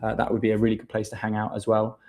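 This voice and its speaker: A man's voice: fairly low pitch, completely flat delivery, rapid-fire, darkish tone. A man hosting a casual livestream, chatting loosely and calling viewers mate. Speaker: livestream host. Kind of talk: casual livestream chat reading viewer questions.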